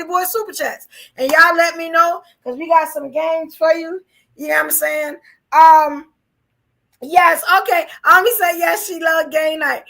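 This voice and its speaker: High, gravelly-voiced woman podcast host. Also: bright, forceful tone. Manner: chatty, repeats "you know what I'm saying". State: losing her voice. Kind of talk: casual live-stream chat.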